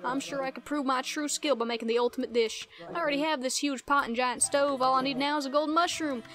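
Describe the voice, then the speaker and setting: A woman's voice: sits high, fairly even intonation, fast talker, music in the background, lightly acted. A woman reading game dialogue aloud, voicing a proud older male cat chef with a folksy Southern accent and a grandiose manner. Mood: boastful.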